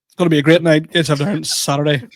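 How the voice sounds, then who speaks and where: A man co-hosting a casual podcast laughs through self-deprecating stand-up stories. His voice sits a little high for a man and is recorded close and dry. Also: little pitch movement, racing, no room sound. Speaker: podcast co-host and stand-up comedian. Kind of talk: casual chat.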